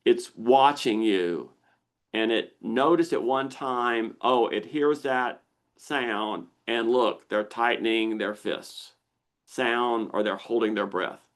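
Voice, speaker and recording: An older man hosting a live Q&A on a video call, explaining patiently and acting out the brain's inner voice with lively exclamations. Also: medium pitch, takes it slowly. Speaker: misophonia researcher hosting a Q&A.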